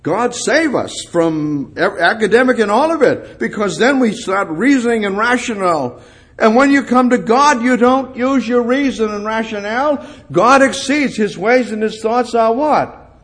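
A man's voice: high voice, sing-song, a little slow. A male preacher delivering a sermon, emphatic, repeating key words and putting questions to his congregation.

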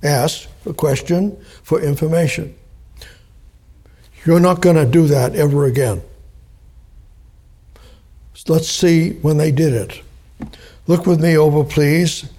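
Guy teaching bible verses, gravelly and kinda husky, mellow tone, repeats words slowly. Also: a little high. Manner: slow and deliberate, spells out and repeats key words.

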